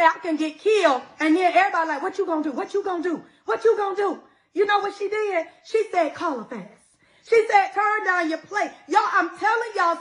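A woman's voice: extremely high pitch, a bit bright, rough recording. A middle-aged woman preaching a sermon with feeling, often calling her listeners y'all.

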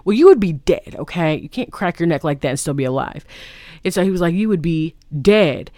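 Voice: medium pitch, expressive, fast talker, warm tone, no room sound. A vlogger retells a film plot casually, rambling through restarts and "like". The voice sits in a mid range and sounds dry and close, with no room around it.

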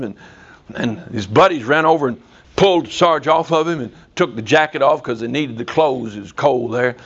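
A man preaching a sermon in a prison, telling a story in a folksy, animated way. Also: mid-range voice, creaky, highs cut off. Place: prison chapel.

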